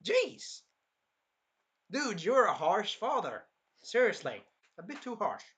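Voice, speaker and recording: A man gives a casual, excitable review of an anime episode, acting out scenes in bursts and swearing freely. His voice sits high and moves at a moderate pace.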